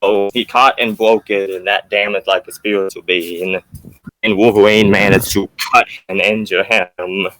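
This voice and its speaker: A young man pressing his counterpoints in a casual debate, questioning and a bit rambling. His voice is lowish. The recording is dry and close. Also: a bit bright, dry recording, poor audio. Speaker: debate opponent.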